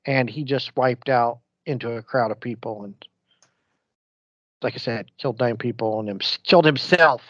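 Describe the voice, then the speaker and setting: A man, co-hosting a podcast and telling stories in casual, animated chat. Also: mid-range voice, moderate pace, dry recording, dull audio. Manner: rambling, animated storyteller. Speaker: podcast co-host.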